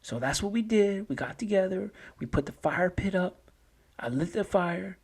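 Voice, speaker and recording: A man's voice: high voice, lively intonation, moderate pace, vocal fry, breathy edge. A man hosting a podcast, talking about self-love in a casual, storytelling way and often repeating and restarting his phrases. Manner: conversational, repeats and restarts phrases while telling stories. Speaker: podcast host. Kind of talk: personal motivational talk.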